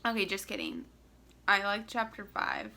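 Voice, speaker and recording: A woman's voice: mid-range voice, wildly swooping pitch, moderate pace, pushed and bright. A young woman from Central Florida chatting casually to her camera, rambling with lots of fillers and restarts. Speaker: vlogger. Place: home in Florida.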